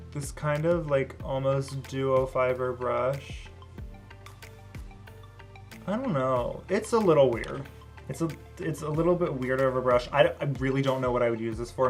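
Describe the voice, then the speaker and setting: Sassy, chatty beauty vlogger. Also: medium pitch. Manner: chatty, many "like" and "um" fillers; bursts into loud excited exclamations. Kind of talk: casual product review.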